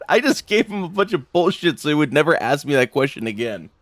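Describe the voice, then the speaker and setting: A man's voice: fairly high pitch, big pitch swings, normal speed, fairly bright tone, dry recording. Male streamer, casual rambling chat, swears freely, dry close sound. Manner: rambling, profane, laughs often, many restarts. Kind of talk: casual chat while gaming.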